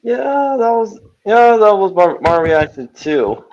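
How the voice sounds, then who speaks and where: A man co-hosting an anime podcast who talks in a halting, casual way, repeating words and using lots of fillers. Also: sits high, sing-song, a little mellow, highs cut off. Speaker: podcast co-host. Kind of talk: casual chat.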